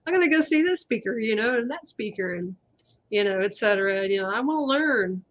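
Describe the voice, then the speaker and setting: A woman hosts a relaxed live chat. She rambles freely and leans on lots of little fillers. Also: medium pitch, moderate pace. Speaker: host. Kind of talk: casual chat on a live stream.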